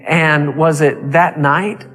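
A man's voice: fairly high pitch, steady tone, slow, a bit bright, soft background music. A man preaching a sermon, telling a story with emphatic repeated phrases.

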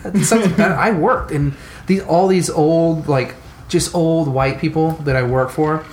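A man's voice: fairly high pitch, a little slow, a little mellow, a little hiss or hum. A young man co-hosting a casual podcast chat, swearing freely, ranting and laughing often. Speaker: podcast co-host.

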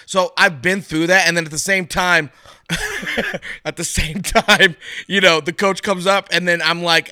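A man co-hosts a casual sports podcast, chatting animatedly and slipping into little voices when he quotes coaches. His voice is very bright and smooth, a touch higher than most men. It is recorded close and dry. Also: fairly even intonation, moderate pace, no room sound. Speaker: podcast co-host.

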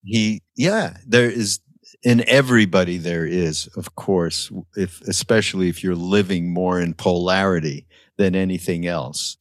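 An older man with a very low, deep voice, recorded dry and close. He tells his stories reflectively and acts out the people he quotes. The conversation is casual. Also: fairly even intonation, a little slow, no room sound. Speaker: podcast guest.

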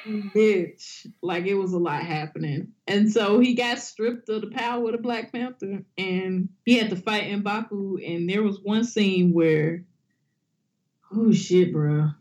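A woman's voice: mid-range voice, a little slow. A woman co-hosting a casual comedic podcast, swearing freely and acting out quotes in exaggerated voices. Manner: animated, swearing, acts out quotes in big voices. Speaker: podcast co-host.

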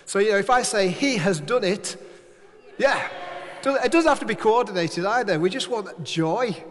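A man's voice: sits high, normal speed, a little hiss or hum. A man leading a church service, giving notices in a chatty, joking, rambling way to a live congregation. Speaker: church leader. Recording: echoey hall.

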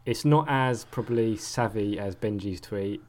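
A man co-hosting a podcast chats casually, laughing often and teasing playfully. His voice is lowish with a somewhat dark tone, and he takes his time.

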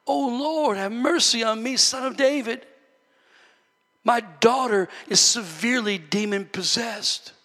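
Desperate pleading mother, voiced by a male preacher; high and sharp, church reverb. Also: a little slow, full character voice. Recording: echoey church hall.

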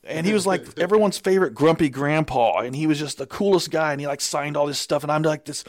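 An animated, middle-aged man swapping stories with a quick, excitable energy. His voice sits a little higher than most men's. The sound is dry and close, with no room around it. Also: no echo. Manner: animated, excitable, acts out quotes. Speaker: guest. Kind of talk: casual storytelling.

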